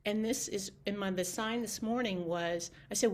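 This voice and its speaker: A woman talking casually on a video call, telling animated stories full of quoted back-and-forth. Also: medium pitch, moderate pace. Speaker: community team member and guest.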